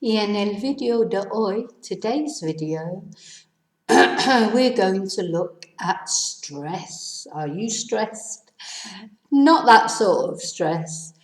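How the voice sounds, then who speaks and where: A middle-aged woman gives a relaxed spoken lesson, explaining each point step by step and poking fun at herself now and then. She talks slowly and without hurry. Her voice carries a roomy echo. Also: medium pitch. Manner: chatty, self-deprecating, explains step by step. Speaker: Spanish teacher. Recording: echoey room.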